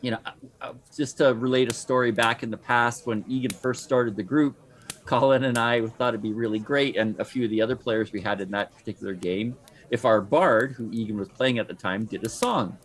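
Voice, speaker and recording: A man talking fast and eagerly in a casual discussion about playing a tabletop game. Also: medium pitch. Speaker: player.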